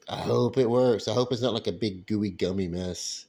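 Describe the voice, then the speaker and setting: A man's voice: lowish voice, normal speed, darkish tone. Rambling man in a home kitchen. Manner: rambling, self-deprecating, chuckling. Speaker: vlogger. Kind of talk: casual cooking vlog.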